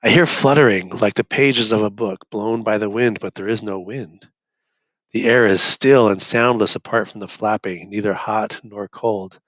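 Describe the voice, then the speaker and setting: A young man reading a novel chapter aloud in first person, his steady narration turning urgent in the tense passages. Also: lowish voice, normal speed, no room sound. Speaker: reader. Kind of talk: audiobook reading. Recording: dull lo-fi dry recording.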